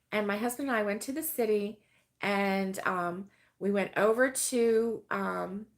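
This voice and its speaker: On the high side and fairly bright, the voice belongs to a middle-aged woman from the United States hosting a laid-back crochet live stream. She rambles, leans on fillers, and laughs a lot as she goes through viewers' comments.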